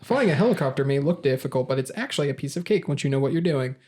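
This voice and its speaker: A man's voice: mid-range voice, animated, rapid-fire, a little mellow. A man hosting a casual podcast quiz, reading idiom origins aloud with stumbles and laughs. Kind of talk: casual group podcast chat.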